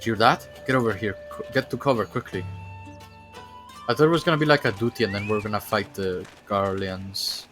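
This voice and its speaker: A man's voice: fairly low pitch, a little fast, fairly bright tone, faint music behind. A man streaming a video game, chatting casually and rambling through his thoughts. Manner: rambling, full of fillers and restarts. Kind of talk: casual gaming commentary.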